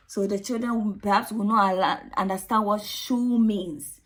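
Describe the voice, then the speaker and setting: A woman with a medium-pitched voice speaks steadily and without hurry. She hosts her own channel, explaining storytime techniques to early years practitioners, and often closes a point with the tag question "isn't it?"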